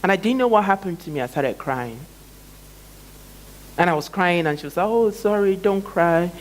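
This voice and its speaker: A man giving a talk as a guest speaker, telling a personal story with emphatic, dramatic pauses and big swings in pitch and loudness. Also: animated, slight background noise, poor audio.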